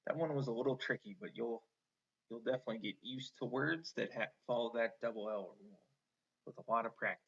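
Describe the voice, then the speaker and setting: A man teaching an online phonics lesson to children, slow and encouraging, stretching out each sound. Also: mid-range voice, husky. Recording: slightly dull lo-fi online lesson audio.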